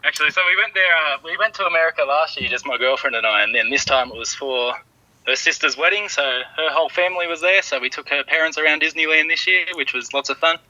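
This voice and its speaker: A man from Australia with an Australian accent, a guest on a video call, answering briefly and relaxed. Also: fairly high pitch, fast, no echo. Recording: muffled, lo-fi online call audio.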